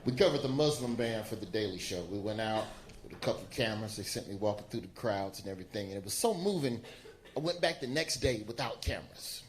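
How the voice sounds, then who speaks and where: A man from Alabama, doing a loose, animated stand-up set on a stage. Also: on the low side, fast talker, slight background noise. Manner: animated, loose storytelling with exaggerated voices. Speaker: stand-up comedian. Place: comedy stage before a live audience.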